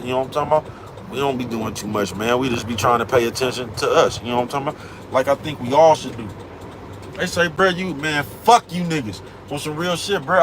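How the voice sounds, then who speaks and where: A man vlogs a casual rant packed with street slang, repeating the catchphrase "you know what I'm talking about" again and again. His mid-range voice has a fairly bright tone, and the poor audio carries a little hiss or hum.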